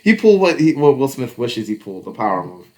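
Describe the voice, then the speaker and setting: A man's voice: medium pitch, expressive, brisk, darkish tone. A man in casual podcast chat, talking loosely with lots of fillers and cursing, slipping into quoted voices. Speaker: podcast co-host.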